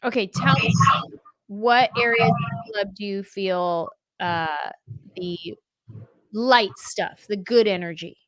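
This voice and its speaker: A woman's voice: mid-range voice, takes it slowly, a bit bright, no room sound. Chatty woman host, dry close sound. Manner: chatty, playful, laughing asides. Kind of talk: casual chat.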